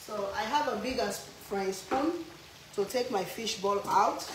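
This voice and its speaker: A woman's voice: medium pitch, a little slow, very noisy. Playful African woman cooking and chatting. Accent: African English. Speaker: cooking vlog host. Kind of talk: casual cooking chat while reading viewer comments.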